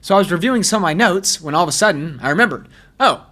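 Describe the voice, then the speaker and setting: A man's voice: sits high, animated, fast, bright, forceful tone. A male host giving casual video commentary, chatty and self-deprecating as he thinks aloud. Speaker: personality-typing commentary host.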